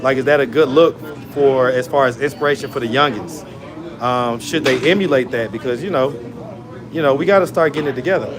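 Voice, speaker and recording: A man's voice: mid-range voice, fairly quick, a crowd in the background. A man, chatting loosely on a phone livestream from a pizza shop, full of slang and fillers. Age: 40s. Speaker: street interviewer and livestream host. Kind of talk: casual livestream chat.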